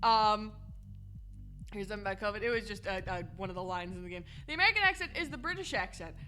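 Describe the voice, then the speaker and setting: A woman's voice: mid-range voice, lively intonation, fast, pushed and bright, faint music behind. A woman streamer chatting casually over gameplay, laughing often. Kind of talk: casual live-stream commentary.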